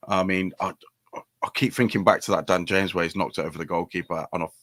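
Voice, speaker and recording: A man's voice: low-pitched, fairly even intonation, fast talker, fairly bright tone, dry recording. A young man hosting a casual football chat with mates, matey and chatty. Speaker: podcast host.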